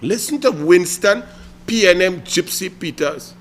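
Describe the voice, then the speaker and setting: A man's voice: high-pitched, animated, a little slow. A man with a Trinidadian accent giving mocking political commentary, taunting and theatrical. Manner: taunting, theatrical, repeatedly needling.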